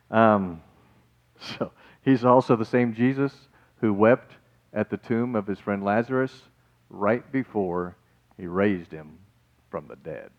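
Male pastor, lower voice, animated joking sermon delivery, slightly muffled recording. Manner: lively, jokey preaching with asides and acted-out quotes.

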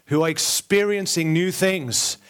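A man's voice: sits high, measured pace, fairly bright tone, clean tone. A middle-aged man with a mixed Australian and American accent preaching a sermon as a guest speaker, earnest with joking asides and repeated phrases. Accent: Australian-American mix.

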